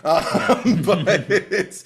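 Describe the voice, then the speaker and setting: A man co-hosting a film podcast in casual chat, animated and laughing often, jumping into high put-on voices. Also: drawn-out words. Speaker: podcast co-host.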